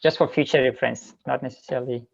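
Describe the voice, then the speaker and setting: A man's voice: mid-range voice, steady tone, fast, gravelly. Laid back guy on a zoom call, reassuring, muffled lo-fi sound. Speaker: meeting participant. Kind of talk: casual video call chat. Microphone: video call.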